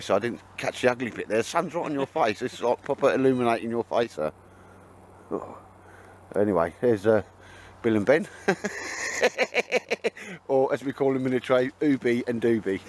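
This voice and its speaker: A man's voice: mid-range voice, a little hiss or hum. A man chatting and joking with his mates outdoors at a woodland campfire, teasing them in a laddish way. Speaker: vlogger. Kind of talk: casual banter with friends.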